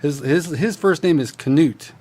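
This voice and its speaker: Middle-aged male host, slightly high voice, chatty and jokey, casual podcast banter. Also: darkish tone. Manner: chatty, jokey, quick to laugh. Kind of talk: casual chat.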